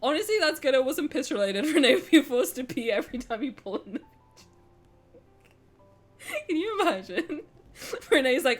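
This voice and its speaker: A young woman live-streaming a game and chatting with viewers, excitable and dramatic, swearing and laughing between outbursts. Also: sits high, moderate pace, pauses often, soft background music.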